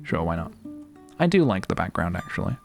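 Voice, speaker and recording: A man's voice: low-pitched, very animated, fairly quick, creaky, faint music behind. A man in his thirties chatting casually on a live stream, playful and rambling as he talks himself through his work. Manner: playful, rambling, talking to himself while working.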